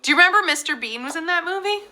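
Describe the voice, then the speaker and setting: A woman hosting a live trivia game show, chatting casually in a bubbly, playful way with quick asides. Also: extremely high pitch, lively intonation, bright, forceful tone. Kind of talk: casual chat.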